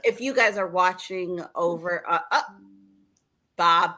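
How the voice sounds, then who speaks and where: A woman's voice: lowish voice, a little slow, bright, forceful tone. A woman hosting a podcast, chatting casually and bubbly, laughing often. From Midwest. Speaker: podcast host.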